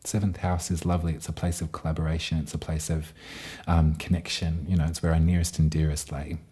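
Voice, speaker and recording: A man giving a gentle, meandering tarot and astrology reading to his viewers. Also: rumbling low, flat delivery, brisk. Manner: gentle, meandering, with frequent fillers. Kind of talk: casual tarot reading to camera.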